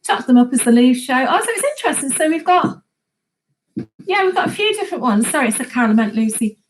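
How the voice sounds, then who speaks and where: A woman's voice: high voice, expressive, fast talker, a little hiss or hum, poor audio. A woman hosting a gardening live chat, chatting casually and laughing often as she reads viewer comments aloud.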